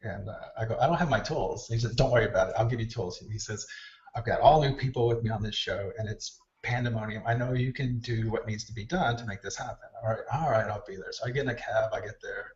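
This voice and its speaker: A hair stylist guest tells backstage stories in a casual interview, animatedly acting out the voices of people he quotes. His lowish voice moves at a quick pace, picked up by a distant, roomy mic with dull lo-fi sound.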